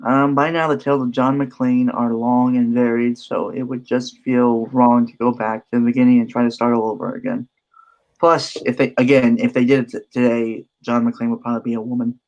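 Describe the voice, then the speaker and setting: A man's voice: medium pitch, level tone, a little fast, a little mellow. A man hosting a podcast, reading his prepared list entries with dry asides in casual chat. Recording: dull lo-fi audio.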